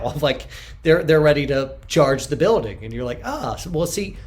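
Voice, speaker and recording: A man in an interview who answers at length and acts out the quotes he tells, sometimes bursting out loudly. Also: a little high, animated, normal speed. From United States. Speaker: podcast guest.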